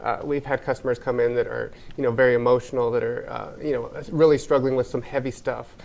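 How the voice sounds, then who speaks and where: A man's voice: medium pitch, steady tone, fast talker, gravelly, a little mellow. An American man, a wellness spa owner, talking earnestly in a casual interview, rambling with many fillers and restarts.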